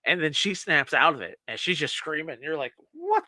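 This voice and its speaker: With a slightly high voice and a fairly quick pace, a male podcast co-host walks through a film's plot in relaxed chat, voicing the dialogue and often breaking into laughter. The recording has no echo.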